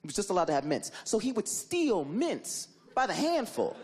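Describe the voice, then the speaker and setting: A man telling a stand-up story in an animated way, laughing and jumping into character voices. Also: high voice, normal speed, few pauses, very noisy. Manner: animated, laughing, acts out characters with big voice jumps. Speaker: stand-up comedian.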